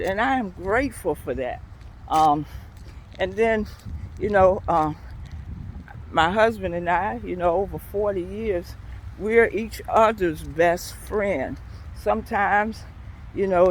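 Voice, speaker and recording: Slow, earnest older woman giving a devotional. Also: deep voice, a little hiss or hum, low-quality recording. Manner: slow, earnest, unhurried storytelling. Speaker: devotional host. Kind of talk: devotional talk on a scripture verse.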